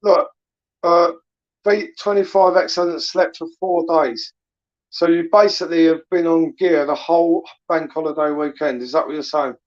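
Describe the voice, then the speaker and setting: A man's voice: a little high, steady tone, normal speed, no room sound, highs cut off. A young man hosting a late-night live chat stream, reading viewers' messages and bantering crudely in laddish slang. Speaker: livestream host reading chat.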